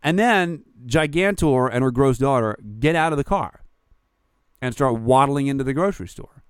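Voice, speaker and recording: A man, chatting as a podcast co-host, telling animated stories, swearing freely and acting out what people said. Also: medium pitch, normal speed, clean tone, no echo, clean studio sound. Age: 40s. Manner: animated storyteller, swears freely, acts out quotes. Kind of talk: casual chat.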